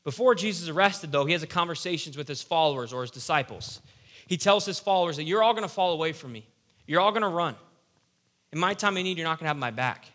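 A young man preaching a casual, animated sermon with playful asides. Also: fairly high pitch, quick pace. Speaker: youth pastor.

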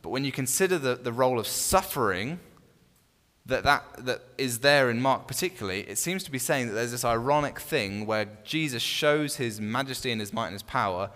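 In a room with long reverb, a man with a medium-pitched voice teaches a small Bible study group. He speaks briskly yet relaxed, frequently starting phrases over and posing questions to his listeners.

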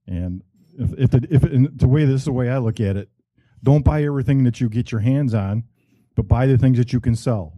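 A middle-aged man, a real estate broker, pitching his services at a meetup in a plainspoken way, often correcting himself. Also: a little fast, mellow, no room sound. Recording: dull lo-fi room audio.

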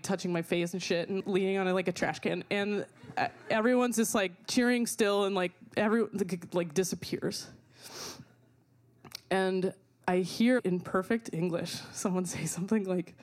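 A young woman from Latin America telling a comic personal story in a loose, profane way, packed with "like" and laughter. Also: mid-range voice. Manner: animated, profane, filler-heavy with lots of "like".

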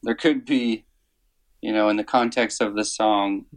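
A man speaking as an interview guest, telling a personal story slowly and earnestly, with many pauses and fillers. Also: lowish voice, steady tone, poor audio. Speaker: worship songwriter guest.

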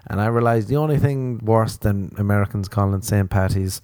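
A young man with an Irish accent telling rambling comic stories, often jumping into squealing high voices. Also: brisk, warm tone, clean tone, no room sound. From Ireland. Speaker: comedian. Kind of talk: comic storytelling monologue.

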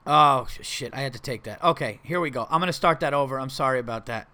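A man's voice: mid-range voice, quick pace, pushed and bright. A male podcast host and stand-up comedian in casual chat, reading listener letters aloud and reacting bluntly with heated, profane exasperation. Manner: loose and rambling, full of fillers and restarts.

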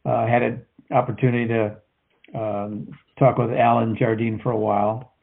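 A man's voice: mid-range voice, flat delivery, gravelly, breathy edge. An older American man chatting casually, hesitant and full of fillers. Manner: halting, with many fillers. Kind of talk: casual chat. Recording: phone-like narrow audio.

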